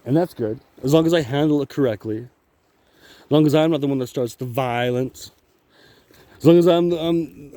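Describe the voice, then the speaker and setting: A man's voice: mid-range voice, mellow. Rambling profane man on a woodland walk. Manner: rambling, profane, laughs often. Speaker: vlogger. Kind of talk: rambling casual monologue. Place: outdoors on a wooded path.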